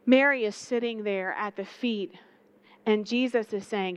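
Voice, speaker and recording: A young woman preaching a lively, conversational sermon, full of rhetorical questions and asides to the congregation. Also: medium pitch, a little slow, clean tone, no room sound, lo-fi sound.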